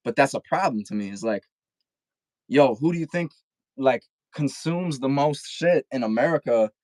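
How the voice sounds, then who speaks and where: A young man rambles through a casual podcast chat over a video call, filling every thought with "like" and swearing freely. His voice sits at an ordinary pitch. The sound is dry and close, with no room around it. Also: expressive, normal speed, a little mellow, no room sound, rough recording. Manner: rambling, profane, lots of filler "like". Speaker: guest rapper.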